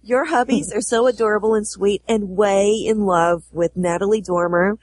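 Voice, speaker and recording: A woman co-hosting a podcast with a cold, hoarse voice, reading listener messages aloud. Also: mid-range voice, steady tone, moderate pace, a little mellow. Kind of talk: casual podcast chat.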